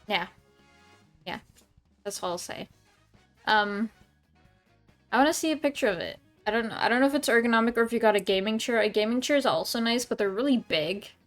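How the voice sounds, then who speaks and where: A woman streamer chatting casually with her viewers at home, rambling with lots of ums and restarts. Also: medium pitch. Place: home room.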